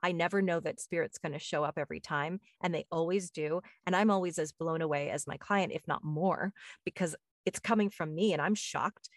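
Lively, lowish-voiced woman podcast host, dry close sound. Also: a little fast, no room sound. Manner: animated, acts out quoted voices with high pitch jumps. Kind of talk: casual conversational storytelling.

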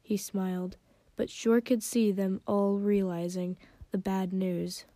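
A woman's voice: mid-range voice, little pitch movement, takes it slowly, warm tone, dry recording. A woman casually reading her fan fiction aloud, stumbling and correcting herself.

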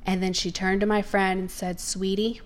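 A woman's voice: mid-range voice, flat delivery, brisk. Earnest young woman. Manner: earnest, storytelling, emphatic. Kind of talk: personal faith testimony.

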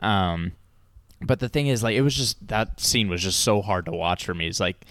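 A man with a fairly low voice chats laid-back about a movie in a casual podcast, peppering his talk with "bro" and "dude." His voice is close and dry, with no room echo. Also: lively intonation, moderate pace, fairly bright tone. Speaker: podcast co-host. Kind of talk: casual movie review chat.

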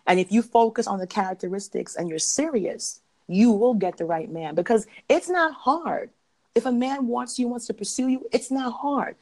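A woman's voice: on the high side, lively intonation, normal speed, a little mellow. A woman on a podcast, giving emphatic relationship advice in a casual, conversational way. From parents from Jamaica.

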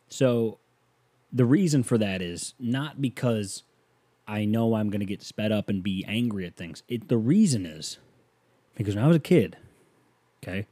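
A man's voice: on the low side, dark tone, no room sound. A man hosting a podcast, rambling through a casual solo monologue with self-mocking jokes. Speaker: podcast host.

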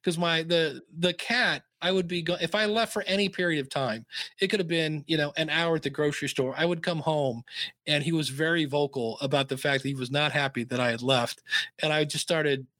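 A man talking as a guest in a casual podcast interview, telling lively stories and slipping into playful voices. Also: on the high side, a little fast, dry recording, studio quality. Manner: lively storyteller who slips into playful voices.

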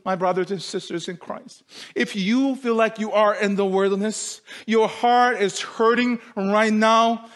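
A high-pitched man preaching a sermon at an unhurried pace. He is earnest and repetitive, putting questions to the congregation and sometimes sinking to a near whisper. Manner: drops to a near whisper at times. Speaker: pastor.

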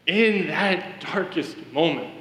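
Earnest high-voiced man preaching in echoey hall. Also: slow pace, a bit bright. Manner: earnest storytelling, addresses congregation directly. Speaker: preacher giving testimony. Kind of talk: sermon. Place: church.

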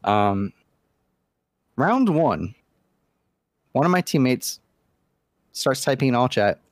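A man of ordinary pitch talks into a podcast mic in a dead, dry room. He tells a story casually and breaks it up with animated asides. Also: slow, no room sound. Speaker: podcast co-host. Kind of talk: casual chat.

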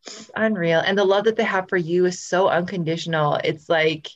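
A woman's voice: fairly low pitch, steady tone, normal speed, dull audio. A woman hosting a live podcast over a video call, gushing with effusive praise in casual chat. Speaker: podcast host.

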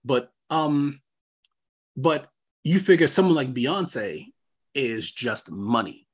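Man from new york, podcast co-host, casual chat, middle pitch, rambling. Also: sing-song, takes it slowly, breathy edge. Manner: rambling, filler-heavy, restarts often.

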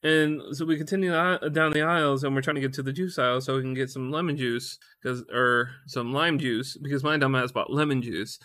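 A man's voice: medium pitch, steady tone, a little fast, few pauses, pushed and bright. A young man tells a casual story in a rambling, profane way and stumbles over his words. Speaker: vlogger.

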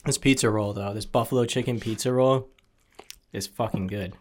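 A man's voice: fairly low pitch, fairly even intonation, moderate pace. A man co-hosting a casual podcast, jokey and playful, swearing casually while eating pizza. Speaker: podcast co-host.

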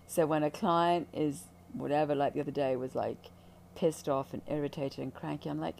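A woman's voice: low-pitched, fairly even intonation, normal speed, vocal fry, a little mellow, a little hiss or hum. A woman who guides ayahuasca ceremonies, talking candidly about spiritual healing in a blunt, intense, profane way.

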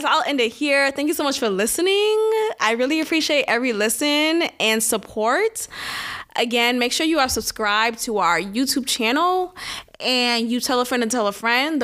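A young woman hosts her own podcast, talking loosely and with plenty of indignation. Her voice sits high, swoops widely, and keeps a bright edge as she breaks into laughter between points. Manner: animated, indignant, laughs often. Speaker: podcast host. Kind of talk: solo podcast commentary.

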